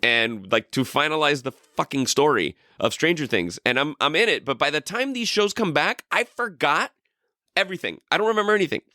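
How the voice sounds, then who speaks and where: A man's voice: a little high, lively intonation, fairly quick, pushed and bright, dry recording, studio quality. A man co-hosting a podcast, chatting casually in a rambling, profane way with lots of restarts. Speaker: podcast co-host. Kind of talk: casual chat.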